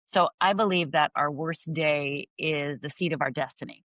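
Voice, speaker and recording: A middle-aged woman from Upper Michigan tells her story as an interview guest. She brings each moment to life and acts out the voices. Her voice is bright and sharp, recorded dry and close. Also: low-pitched, moderate pace, no echo, poor audio.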